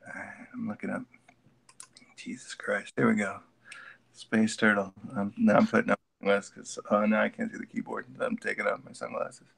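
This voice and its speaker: A guest artist with a gravelly, husky voice on the low side, yet fairly bright in tone, chats casually over a video call at normal speed with a level tone. He jokes, rambles and mutters to himself while fixing his computer, with no echo.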